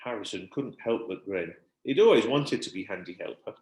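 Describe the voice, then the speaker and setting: A male primary school teacher reading a children's book aloud in an expressive storytelling manner. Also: fairly low pitch, moderate pace. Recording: roomy echo.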